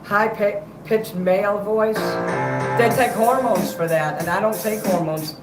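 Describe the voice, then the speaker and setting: Guy with a high voice and a worn-out strained throat, rambling and cursing on a livestream, echoey room, music playing. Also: unhurried. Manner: profane, rambling. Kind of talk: livestream chat with karaoke singing.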